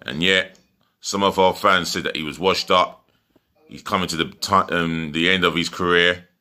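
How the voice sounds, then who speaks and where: Speaking from his home, a man chats his way through a laid-back football match preview vlog, often using fillers and restarting sentences. His voice is low and sharp, with fairly even intonation and a moderate pace.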